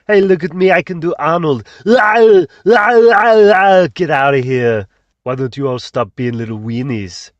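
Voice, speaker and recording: A man's voice: a little high, a little slow, dry recording, lo-fi sound, voice pushed down, lightly acted. A man impersonating a jovial, teasing Austrian-accented bodybuilder action star.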